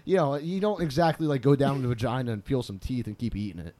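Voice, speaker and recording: A man's voice: medium pitch, warm tone. A man co-hosting a radio show in crude, casual banter, stumbling over and repeating words. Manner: halting, repeats words, drops his voice to trail off.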